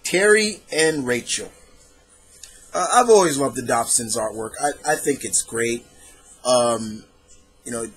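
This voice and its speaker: A man's voice: mid-range voice, a little slow, long pauses, faint music behind. A young man talking casually on his own about comic books, rambling and correcting himself as he goes. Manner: rambling, animated, self-correcting. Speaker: comic book reviewer. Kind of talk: casual solo review talk.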